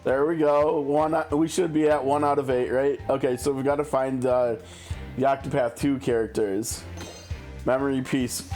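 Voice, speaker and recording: A man's voice: mid-range voice, fairly even intonation, normal speed, a little mellow. A man chatting casually while streaming a game, musing and thinking aloud. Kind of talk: casual gameplay commentary. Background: game music.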